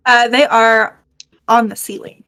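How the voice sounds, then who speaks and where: Higher-voiced woman running a tabletop game. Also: steady tone, measured pace, bright, forceful tone. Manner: stop-start, checking notes aloud. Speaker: game master.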